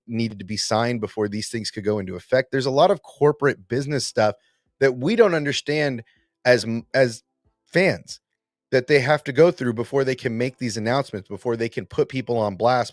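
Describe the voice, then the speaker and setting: A man's voice: mid-range voice, no room sound, studio quality. A man co-hosting a podcast in a casual debate, emphatic and repeating words as he builds a point. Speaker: podcast co-host.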